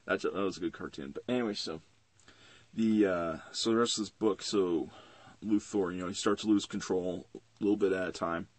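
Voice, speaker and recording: A young man rambles through a comic book review, profane and loose, with a low, slightly husky voice. The recording is close and dry. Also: fairly even intonation, moderate pace, no room sound. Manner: rambling and profane, with many fillers.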